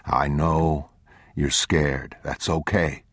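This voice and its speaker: A man playing a weary, protective father in an audiobook, talking low, steady and reassuring. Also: slow pace, husky, no echo, studio quality, heavily acted.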